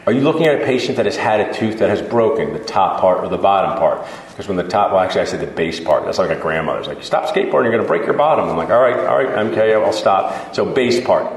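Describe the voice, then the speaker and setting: A man's voice: on the low side, a little mellow. A man, a dentist, giving a casual, joking conference talk to dental students and acting out chats with patients. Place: large lecture hall. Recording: echoey hall with long reverb.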